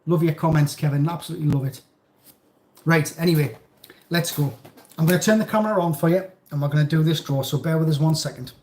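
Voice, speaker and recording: A man's voice: a little high, fast talker, darkish tone. A man hosting a fishing channel's live stream, chatting casually with viewers in a rambling way with many restarts.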